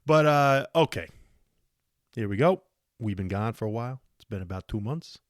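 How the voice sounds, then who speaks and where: A man co-hosting a sports podcast in casual chat, animated and profane, getting louder for emphasis. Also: lowish voice, normal speed, no echo, studio quality. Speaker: podcast co-host.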